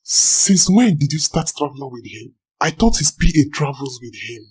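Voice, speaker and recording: A man's voice: mid-range voice, animated, normal speed, darkish tone, breathy edge, poor audio. A man playing a young fiancé who presses his partner with suspicious questions. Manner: interrogating, pressing.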